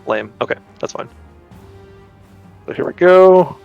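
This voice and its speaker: A man's voice: high voice, expressive, unhurried, gravelly, clear, resonant tone, dry recording, muffled recording, faint music behind. A man playing a tabletop role-playing game, narrating his character's actions in a rambling way, with many restarts and laughs. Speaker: player.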